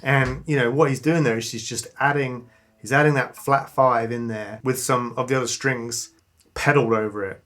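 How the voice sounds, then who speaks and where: A man giving a casual guitar lesson, relaxed and enthusiastic, pausing to play between phrases. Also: medium pitch. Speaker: guitar teacher. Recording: clean guitar loud behind. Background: guitar playing.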